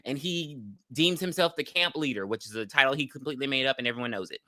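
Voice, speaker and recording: A woman co-hosting a podcast, recapping a horror movie in casual chat, animated and blunt with frequent ums. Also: rumbling low, fast, no echo, studio quality. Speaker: podcast co-host.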